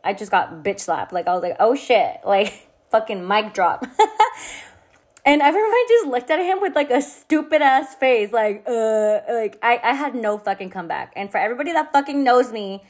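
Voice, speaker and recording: A woman's voice: fairly high pitch, sing-song, moderate pace. A young woman talking candidly to camera, telling a personal story in a casual, frank way, full of fillers and swearing. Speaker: vlogger.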